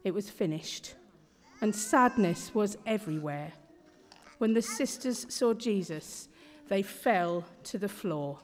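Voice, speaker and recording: A woman reading a rhyming Bible story in a slow, measured, expressive way. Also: medium pitch. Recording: long hall reverb.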